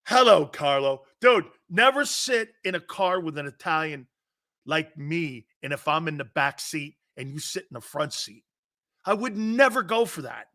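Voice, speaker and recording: A middle-aged man hosting a sports talk show, telling stories in a lively casual way and slipping into quick mob-movie impressions. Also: fairly high pitch. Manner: animated storytelling, quick mob-movie impressions, laughs often. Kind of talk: casual chat.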